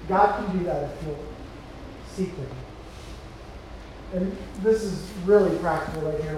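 A man preaching a sermon as a pastor, swinging between loud impassioned cries and hushed low passages. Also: unhurried, pauses often, slight background noise. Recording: echoey hall from far off.

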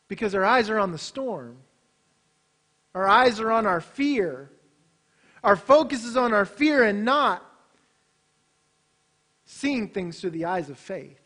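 Animated male preacher with a very high voice, shifting between loud emphasis and hushed delivery. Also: slow pace, pauses often. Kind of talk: sermon.

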